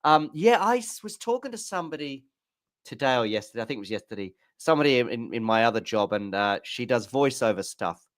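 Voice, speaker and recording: A man's voice: mid-range voice, very animated, fast talker, dry recording, studio quality. A man co-hosting a live tennis watchalong, chatting casually and rambling with self-mocking asides. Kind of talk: casual live-stream chat.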